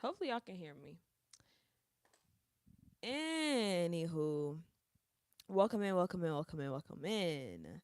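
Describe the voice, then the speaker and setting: A woman's voice: on the low side, very animated, moderate pace, pauses often, no echo. A woman hosting a casual livestream from her bedroom on a small close mic, chatty and slangy, laughing often. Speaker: livestream host.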